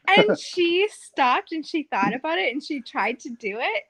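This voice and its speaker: A woman's voice: high voice, big pitch swings, unhurried, few pauses, fairly bright tone. A woman telling casual stories as a podcast guest, chatty and full of fillers, often laughing. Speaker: podcast guest, former casino dealer. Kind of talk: casual storytelling.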